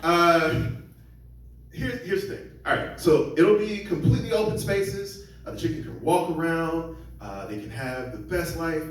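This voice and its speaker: A man from around Seattle works a comedy club stage with a rambling, self-mocking set, imitating the people he quotes. His slightly high, slightly mellow voice is animated, at a moderate pace. Recorded from a distance in a very echoey room with a touch of hiss or hum.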